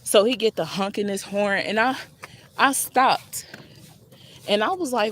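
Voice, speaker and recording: A woman telling a personal story to her viewers in a casual, blunt and profane way, with lively swings in her voice. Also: mid-range voice, a little slow, long pauses, a little hiss or hum.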